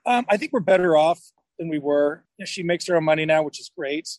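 A man's voice: a little high, lively intonation, quick pace, no echo, rough recording. A middle-aged man chatting casually as an interview guest, rambling and restarting his sentences as he tells stories. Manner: rambling, self-correcting storyteller. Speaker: podcast guest.

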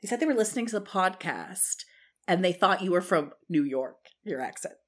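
A woman's voice: on the low side, lively intonation, fairly quick. A woman co-hosting a podcast, chatty and gossipy in casual conversation. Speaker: podcast co-host. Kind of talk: casual chat.

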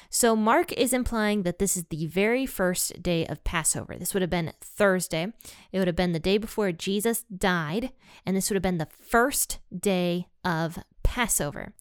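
A woman's voice: medium pitch, clean tone, no room sound, studio quality. A woman hosting a Bible podcast from home, chatting casually and upbeat with listeners and reading scripture aloud. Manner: chatty and upbeat, laughs easily. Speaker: podcast host.

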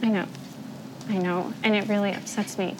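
A woman's voice: medium pitch, little pitch movement, moderate pace, natural voice. An actress playing a wounded woman who pleads with an estranged friend, in a TV drama clip. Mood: hurt. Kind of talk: TV drama dialogue. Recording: TV clip with ambient noise.

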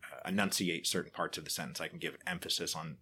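Deep-voiced man chatting animatedly. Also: fast, a little hiss or hum. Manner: animated storyteller, acts out quoted reactions, laughs often. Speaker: podcaster guest. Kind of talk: casual interview chat.

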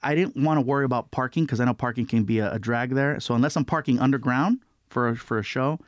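Animated man telling a story. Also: medium pitch, fast talker, no room sound, studio quality. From California. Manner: animated, acts out other people's voices. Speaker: guest comedian. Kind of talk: storytelling in an interview.

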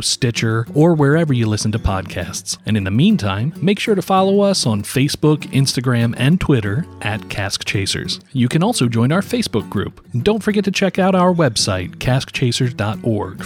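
Man, podcast host, mid-pitched voice, casual chat, upbeat sign-off, faint music behind. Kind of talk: casual chat and scripted outro.

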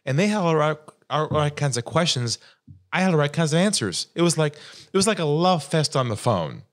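A man telling a sales story as a podcast guest, dramatic and lively, acting out the voices of the people in it. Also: fairly high pitch, a little fast. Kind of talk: animated storytelling.

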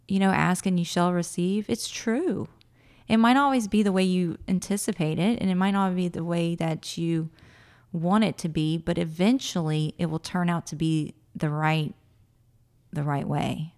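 A woman in her thirties, a podcast guest, telling a personal story with animated voices for her past self and frequent laughter. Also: on the low side, a little slow, clear, resonant tone. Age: 30s. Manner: animated, acts out her own past words, laughs often. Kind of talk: emotional personal storytelling in an interview.

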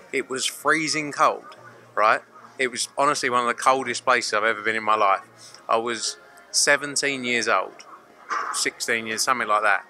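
A man from Romford, a boxing promoter telling rambling, animated stories in a casual interview. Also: medium pitch. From Romford, England.

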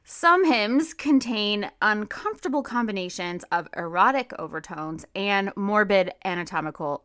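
A woman's voice: medium pitch, a bit bright, no echo, studio quality. A woman co-hosting a history podcast, reading quotes and explaining them in a casual, conversational way. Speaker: podcast co-host.

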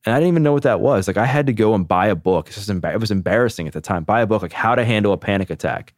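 A man in his thirties, a podcast guest, telling his own story candidly in a casual, animated way, full of "like". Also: lowish voice, very fast, no room sound, clean studio sound. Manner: candid, animated, heavy use of "like".

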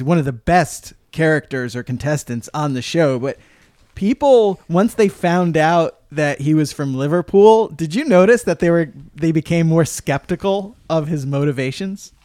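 A co-host of an interview show asks relaxed, curious questions in a mid-range voice. The recording is dry and close. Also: mid-range voice, no room sound. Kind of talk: casual interview chat.

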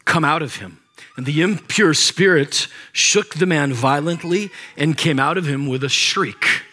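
A man's voice: on the high side, unhurried, bright, forceful tone. A man preaching a sermon as pastor, reading scripture aloud and adding casual, joking asides to the congregation. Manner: reads scripture aloud with commentary.

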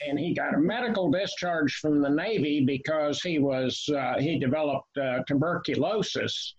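A man in his seventies, with a voice a little higher than most men's, talks through his memories in a measured way, pausing often on "uh". The recording sounds dull and lo-fi. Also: slightly rough. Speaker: author guest. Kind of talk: casual interview chat. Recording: lo-fi, muffled sound.

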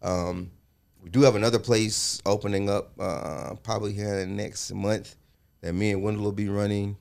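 Young man, low-pitched, relaxed chef guest, loose podcast chat. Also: normal speed, gravelly. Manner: laid-back, many fillers.

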